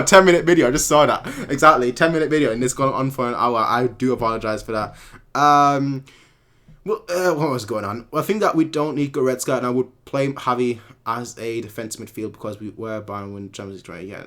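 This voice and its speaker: A man from Munich hosts a live stream and answers viewer comments as they come in. He rambles, stumbles over words and corrects himself mid-sentence. His voice sits at an ordinary middle pitch. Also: fairly bright tone. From Munich, Germany. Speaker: fan channel host.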